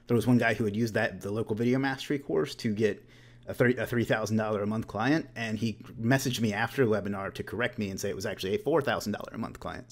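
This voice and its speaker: Fast-talking man hosting a webinar. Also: fairly low pitch. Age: late 30s. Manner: joking, self-deprecating asides; loose and conversational, with restarts. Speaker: webinar host. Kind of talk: casual webinar presentation.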